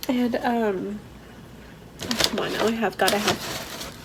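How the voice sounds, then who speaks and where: A woman's voice: mid-range voice, fairly even intonation, slow, heavy background noise. A young woman vlogger telling a painful personal story candidly, fighting back tears and a little stuffy from a cold. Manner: candid, emotional, rambling with fillers. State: teary, holding back tears.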